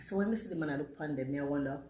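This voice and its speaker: Woman, forties, Jamaican accent with British twang, casual storytime, rambling, slips into patois, lowish voice. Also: very fast, mellow, a little hiss or hum. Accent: Jamaican, mixed with British. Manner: chatty, rambling, mixes patois with English. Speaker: vlogger. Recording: roomy echo.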